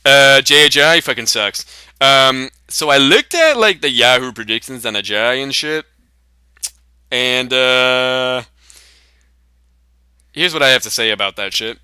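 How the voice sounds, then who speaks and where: A man's voice: medium pitch, lively intonation, unhurried, long pauses, bright, forceful tone, clean tone, dry recording, studio quality. A young man hosting a comedy sketch, brashly boasting and swearing through profane trash talk.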